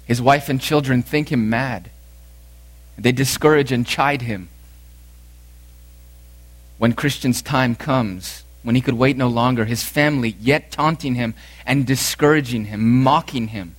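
A man preaching a sermon, emphatic, repeating lines for force, swinging from loud to hushed. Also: medium pitch, a little slow, no echo. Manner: emphatic preaching with dramatic swings in loudness and repetition. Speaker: pastor.

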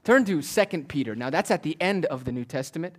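A pastor preaching a sermon, moving between forceful declarations and quiet, almost whispered asides. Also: male voice, fairly high pitch, expressive, quick pace. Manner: swings from loud declaring to hushed near-whispers.

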